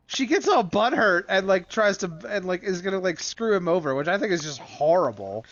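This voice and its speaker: A man co-hosting a casual comic book podcast, retelling scenes with animated put-on voices. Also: sits high, a little fast, hardly any pauses, highs cut off. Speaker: podcast co-host.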